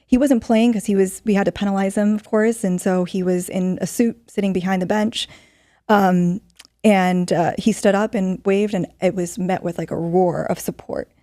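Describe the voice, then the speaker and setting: A woman's voice: mid-range voice, fairly even intonation, normal speed, warm tone, no echo, studio quality. A middle-aged woman, a podcast guest, telling a story earnestly in conversation with many fillers. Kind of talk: storytelling in an interview.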